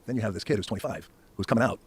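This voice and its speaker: Middle-aged guy rattling off a story super fast on a podcast, cussing a lot, noisy background. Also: fairly low pitch. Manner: fast, emphatic, profane storytelling with frequent restarts. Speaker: podcast guest. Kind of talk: animated storytelling in a podcast interview.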